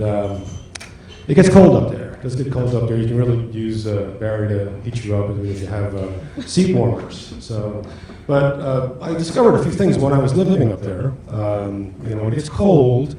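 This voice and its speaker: A middle-aged man does stand-up at a comedy club, speaking into a handheld mic. He talks haltingly and self-deprecatingly, with lots of fillers. His voice echoes through the room over clear room noise. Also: lowish voice, mellow. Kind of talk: stand-up routine.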